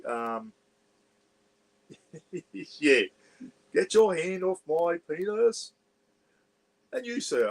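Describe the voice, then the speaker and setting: A man's voice: mid-range voice, low-quality recording. Rambling Australian man chatting in a caravan. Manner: rambling and chatty, often saying "bloody". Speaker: vlog host. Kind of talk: casual livestream chat. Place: parked caravan.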